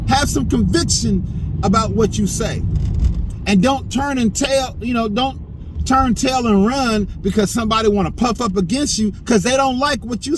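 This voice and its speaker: A man's voice: high-pitched, background noise. A man preaching a motivational message in slangy street talk, emphatic and repetitive, often asking "you dig?". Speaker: online preacher.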